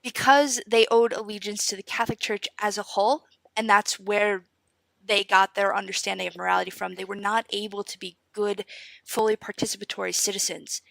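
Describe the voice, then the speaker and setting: Bright, gravelly woman co-hosting a podcast. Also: medium pitch, brisk, dry recording, low-quality recording. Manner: animated, jokey storyteller. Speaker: podcast co-host. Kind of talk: casual chat.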